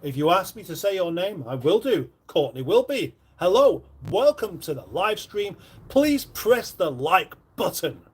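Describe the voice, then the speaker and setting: A man's voice: sits high, big pitch swings, measured pace, breathy edge. A middle-aged man hosts a casual live stream from his kitchen, reading out viewer comments with rambling, dry, self-mocking banter. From northern England. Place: home kitchen.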